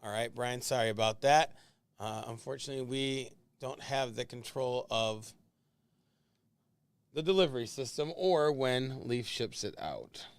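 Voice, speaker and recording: A man's voice: medium pitch, a little slow, clear, resonant tone, dry recording. Chatty man hosting a card-break stream. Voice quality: calls his own voice whiny. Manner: chatty, laughs easily, talks to viewers by name. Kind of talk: casual livestream chat while opening cards.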